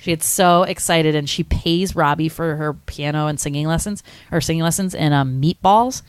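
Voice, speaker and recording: A young woman co-hosts a podcast in loose, casual chat, her speech full of "like". Her voice sits a little low. The recording is dry and close, with no room sound. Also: normal speed, clean tone, no room sound. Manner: chatty, many likes, acts out quotes in high voices. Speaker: podcast co-host.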